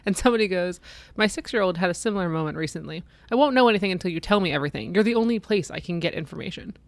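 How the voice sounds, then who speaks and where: A woman's voice: on the low side, expressive, rapid-fire, dry recording. A woman in her thirties chatting casually and reading funny posts aloud, laughing often. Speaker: co-host.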